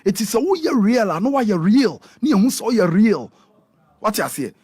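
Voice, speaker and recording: Husky, animated Ghanaian pastor. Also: male voice, high voice, moderate pace, no room sound. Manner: animated preaching, switching between Twi and English. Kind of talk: radio interview talk.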